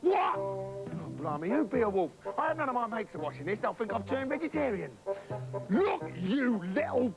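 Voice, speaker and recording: A man voicing a greedy, rude, boastful male wolf with a rough, scratchy voice, blustering and crude in a comic children's story. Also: high voice, very animated, normal speed, loud music behind the voice. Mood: frantic pleading. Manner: blustering and crude, muttering asides.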